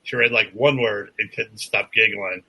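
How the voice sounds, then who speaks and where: A man's voice: on the low side, fairly even intonation, moderate pace, breathy edge, lo-fi sound. An older man co-hosting a podcast, chatting casually, telling anecdotes and laughing often. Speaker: podcast co-host. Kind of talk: casual chat.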